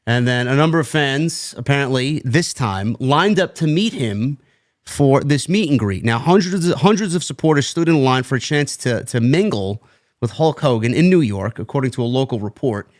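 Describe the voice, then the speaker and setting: A man co-hosting a wrestling talk show, reading a news report aloud in a measured way with chuckled asides. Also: medium pitch, lively intonation, no echo, clean studio sound. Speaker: podcast co-host.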